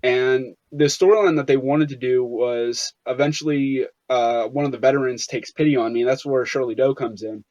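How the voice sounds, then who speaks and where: A man's voice: mid-range voice, fairly even intonation, moderate pace, hardly any pauses, a little mellow, no echo. A young man as an interview guest, telling stories casually, with many fillers and restarts. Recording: dull, lo-fi sound.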